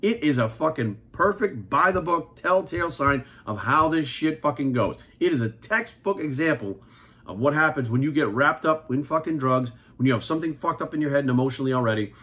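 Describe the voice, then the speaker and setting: A heated, foul-mouthed man in his forties rants at a fast clip. His voice sits a little high for a man, and he keeps hammering the same points bluntly. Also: expressive, a bit bright. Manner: blunt, heated, swears constantly, repeats points. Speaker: fitness coach and commentator. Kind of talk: profane opinion rant to camera.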